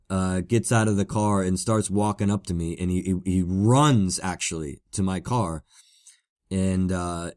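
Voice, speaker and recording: A man with a fairly low voice tells a casual story as a podcast host. He rambles, filling his sentences with "uh" and "like" and repeating words as he goes. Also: a little mellow. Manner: rambling, lots of fillers and repeated "like".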